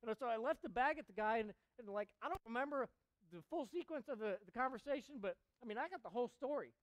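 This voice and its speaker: A man's voice: extremely high pitch, expressive, quick pace, dry recording, low-quality recording. A man preaching a sermon, telling a personal story in a casual way with many fillers, then reading scripture with emphasis. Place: church chapel.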